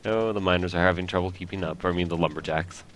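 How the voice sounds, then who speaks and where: Talking fast in a deep, a bit bright voice with fairly even intonation, this French-native man hosts a let's play over slight background noise. He rambles through the game commentary, cracking self-mocking jokes.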